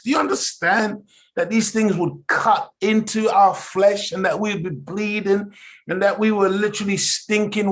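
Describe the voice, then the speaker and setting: A man lectures a study group in an emphatic, preacherly way, with a voice pitched a little higher than most men's. He keeps checking in with his listeners and calls them family as he drives each point home. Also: a bit bright. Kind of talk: impassioned lecture.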